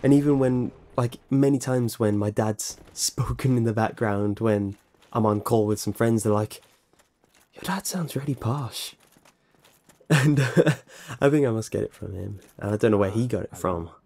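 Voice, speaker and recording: Young British YouTuber man with a mellow tone and crisp enunciation; rambling, self-correcting fan Q&A delivery. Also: on the low side, fairly even intonation, normal speed. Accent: British, precise enunciation. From Britain. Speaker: YouTube narrator answering fan questions. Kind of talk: casual Q&A vlog.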